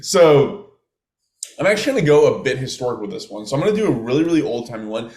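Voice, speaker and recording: A man's voice: medium pitch, sing-song, fast talker, a little mellow. A man co-hosting a podcast, chatting and joking as he starts telling a true-crime story. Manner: chatty, joking, trails off and restarts. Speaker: podcast co-host. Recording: roomy echo.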